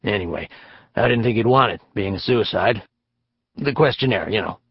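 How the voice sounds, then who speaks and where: A gruff, condescending big detective with a low, blunt delivery, as a male narrator puts him on. The audiobook recording is dry and a little dull. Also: normal speed, no echo. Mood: dismissive. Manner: gruff, dismissive.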